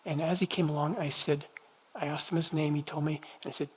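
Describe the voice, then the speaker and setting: A man leading a church prophetic training night, telling personal stories in a gentle, conversational way with halting restarts. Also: a little high, steady tone, slightly rough, low-quality recording. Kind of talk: teaching talk with personal storytelling. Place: church meeting room.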